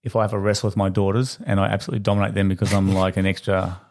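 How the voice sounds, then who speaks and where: A middle-aged man with an Australian accent hosting a casual podcast chat, chatty and quick to agree. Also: sits low, level tone, creaky, a little mellow. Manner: chatty, quick, affirms with frequent yeahs. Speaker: podcast host, teacher.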